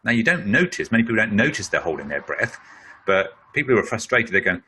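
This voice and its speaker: A man's voice: on the low side, sing-song, quick pace, bright, forceful tone, a little hiss or hum. A middle-aged man answering a question in a webinar, explaining in a conversational way with many fillers. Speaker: speaker on leadership.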